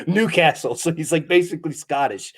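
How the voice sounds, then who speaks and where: A man's voice: on the high side, a little slow, breathy edge. A man co-hosting a comedy podcast, laughing often and talking in a loose, self-mocking way. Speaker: podcast co-host. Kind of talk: casual comedic chat.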